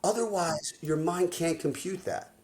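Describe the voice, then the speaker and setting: A man who works as a life coach and hosts a podcast. He tells stories in an energetic, slangy way and acts out the dialogue he quotes. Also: fairly high pitch, unhurried, a little hiss or hum. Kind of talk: animated storytelling conversation.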